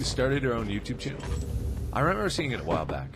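A man's voice: mid-range voice, sing-song, fast. A man commentating a horror game let's play, jumpy and giggly, screaming at scares and muttering to himself in between. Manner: chatty self-talk, mutters and whispers between scares. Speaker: gaming video host. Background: game music.

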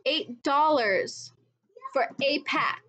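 A woman with a fairly high voice talks straight to camera in a casual commentary video. She is blunt and exasperated and drops in mocking asides. She is recorded at home. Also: slow pace, a bit bright, dull audio. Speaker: vlogger recounting her MLM experience.

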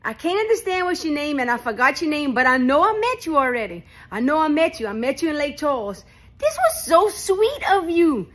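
High-voiced Cajun woman, effusive and folksy. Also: very animated, quick pace, hardly any pauses, a bit bright. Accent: Cajun Louisiana. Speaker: vlogger. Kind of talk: casual chat to camera.

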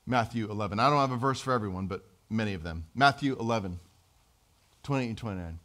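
A man's voice: on the low side, quick pace, fairly bright tone. A middle-aged man preaching a sermon as pastor, in a conversational, self-deprecating way with acted-out quotes.

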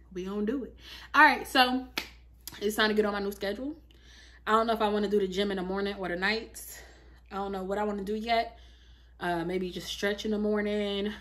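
A woman in her thirties chatting casually in a home vlog, animated and talkative, full of fillers like "like" and "you feel me". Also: mid-range voice. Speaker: lifestyle vlogger.

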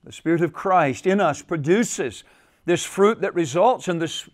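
A male pastor delivers a sermon with a fairly high voice. He repeats key phrases and lets his delivery drop to a hush before rising again for emphasis. The setting is a retreat gathering. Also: animated, unhurried. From United States. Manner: repeats phrases, rises and falls in pitch and volume for emphasis. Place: church at a men's retreat.

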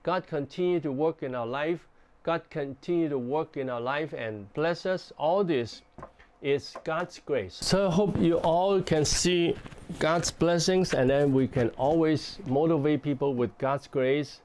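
A man who is a pastor, teaching a sermon in a gentle, explanatory way with frequent restarts. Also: a little high, unhurried.

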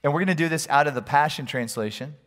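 Higher-voiced man preaching in a reverberant hall. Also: quick pace, a bit bright. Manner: storytelling, conversational, humorous asides. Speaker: pastor. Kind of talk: sermon. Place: church hall.

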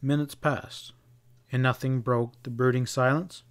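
A man's voice: medium pitch, little pitch movement, unhurried, smooth. Man narrating a western audiobook.

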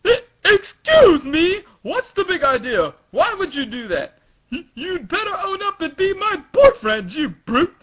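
A loud, flustered young woman, lovestruck and indignant all at once, as a man puts her on in falsetto. The voice is high, forceful and lo-fi. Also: sing-song, measured pace, exaggerated voice. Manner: shrieking, indignant.

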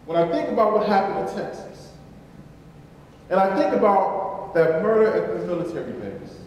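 A man's voice: high-pitched, sing-song, moderate pace, a little mellow, muffled recording, a little hiss or hum. A man preaching a sermon as pastor, emphatic and repetitive, in a large church. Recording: echoey church hall from far off.

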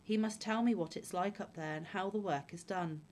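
A woman voicing a naive young farm son from a storybook, earnest and trusting. The voice stays fairly low and plain. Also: normal speed, darkish tone, a little hiss or hum, lightly acted.

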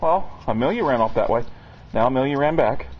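A man filming his dogs at home, coaxing them in high baby talk and chatting casually to the camera. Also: lively intonation, fairly quick, muffled recording, slight background noise. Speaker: dog owner filming his pets.

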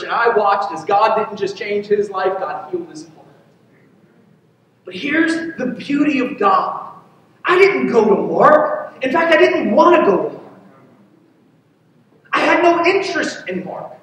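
A pastor with a very high voice tells a story from the pulpit in an earnest, personal way. He sounds distant from the mic, and his words ring through a big hall with a long trailing reverb. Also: a bit bright, slight background noise. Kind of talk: sermon. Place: church sanctuary. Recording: echoey hall from far off.

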